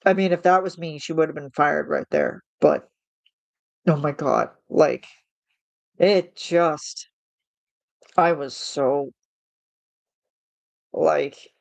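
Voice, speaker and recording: A woman in her thirties with a lowish voice, ranting in a casual vlog monologue. She sounds fed up and exasperated, stumbling and restarting her sentences as she vents. The sound is dry and close. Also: slow pace, vocal fry, pauses often, a little mellow, dry recording. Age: 30s. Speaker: vlogger.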